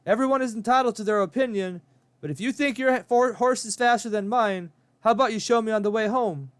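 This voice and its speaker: A man's voice: high-pitched, fairly quick, fairly bright tone, clear, resonant tone, dry recording. A man voicing a brash, hot-tempered young man who blurts out a challenge. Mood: challenging.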